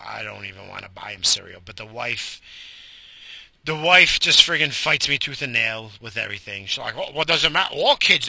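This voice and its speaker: A man's voice: mid-range voice, vocal fry, sharp tone, no room sound. A man in his forties ranting to himself in his car, swearing a lot and rambling from one gripe to the next. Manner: profane, rambling, talks to himself. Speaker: vlogger. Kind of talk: profane rant while driving. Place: inside a car.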